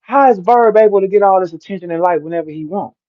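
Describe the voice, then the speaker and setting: A man's voice: high voice, fast talker, muffled recording. A middle-aged man with a St. ranting on a livestream, preachy and profane, lecturing his listeners. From St. Louis, Midwest US. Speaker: battle rapper ranting to listeners. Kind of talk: heated livestream rant.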